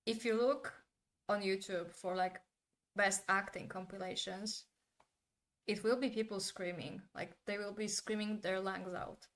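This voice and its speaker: A woman giving her candid opinions in a casual monologue, turning animated when she imitates actors' delivery. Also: mid-range voice, measured pace. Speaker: commentator.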